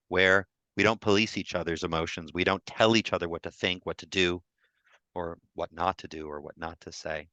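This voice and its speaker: A man's voice: sits low, pushed and bright, no room sound. A man, a grief therapist, sharing openly and emotionally on a video call, often restarting his sentences. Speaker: co-host of a mindfulness support group.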